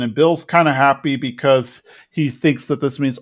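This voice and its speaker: Recapping an episode in a casual way, a man who co-hosts a podcast speaks at a moderate pace in a mid-range voice with fairly even intonation. As he retells scenes, he sometimes slips into quick imitations of the characters.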